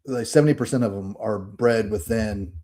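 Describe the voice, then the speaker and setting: A man with a Southern Alabama accent, chatting casually as a podcast co-host. His voice is dark and mellow, and he jokes around and laughs often. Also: on the low side, moderate pace. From Alabama, USA.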